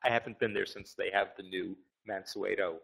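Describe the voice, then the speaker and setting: Gravelly low-voiced male attendee. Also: fairly even intonation, fairly quick, a bit bright, rough recording. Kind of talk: casual remarks at a panel.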